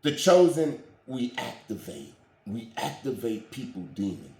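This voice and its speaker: Animated slangy man preaching in an echoey room. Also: mid-range voice, a little slow, creaky. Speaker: spiritual commentator. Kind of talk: casual spiritual commentary.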